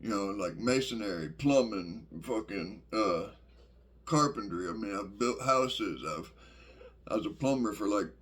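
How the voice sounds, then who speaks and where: A man's voice: on the low side, a little slow, a bit bright, slightly rough. A middle-aged man, talking in a casual, rambling vlog monologue full of fillers and swearing. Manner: profane, rambling, many fillers. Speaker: vlogger.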